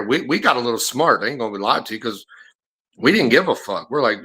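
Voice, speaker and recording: Profane storytelling man, bright voice. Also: lowish voice, normal speed. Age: middle-aged. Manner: profane, animated storyteller acting out quotes. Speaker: former bounty hunter; podcast host. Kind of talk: casual storytelling chat.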